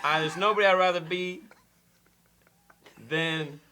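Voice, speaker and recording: A man putting on an impression of a famous actor, speaking in halting phrases with odd pauses. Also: on the high side, steady tone, noisy background, voice pushed up, lightly acted. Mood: deadpan.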